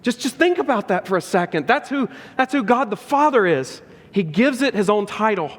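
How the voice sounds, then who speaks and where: A man's voice: sits high, very animated, moderate pace. A man pastor preaching a sermon with earnest, emphatic repetition. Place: church sanctuary. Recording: long reverb of a large church hall.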